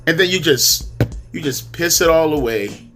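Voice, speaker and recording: A man's voice: a little high, expressive, moderate pace, fairly bright tone, faint music behind. A man ranting heatedly in a profane, exasperated commentary monologue, repeating words as he talks. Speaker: wrestling commentary youtuber.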